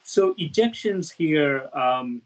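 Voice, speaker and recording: A man's voice: a little high, animated, slow, highs cut off. A man interviewing a scientist, asking casual, tentative questions with fillers.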